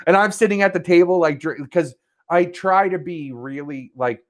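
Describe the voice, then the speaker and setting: A man's voice: a little high, normal speed. A man in casual chat, telling a long story in a rambling, profane way.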